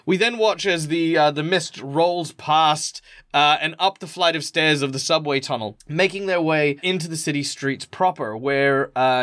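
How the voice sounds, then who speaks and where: Australian man, game master, bright tone, dry close mic. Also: on the high side, dry recording. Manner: rambling, informal, hesitant. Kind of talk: narrating a tabletop game.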